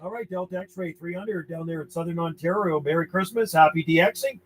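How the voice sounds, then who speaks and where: High-voiced man calling on CB radio. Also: brisk, slight background noise, low-quality recording. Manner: friendly, repeats call signs, easygoing chatter. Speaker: CB radio operator. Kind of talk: radio calling with call signs.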